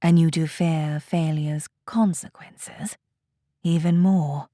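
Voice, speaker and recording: A woman voicing a calm, cryptic alien female elder teacher in a hushed, half-whispered, solemn voice, recorded dry. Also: low-pitched, slow, no echo.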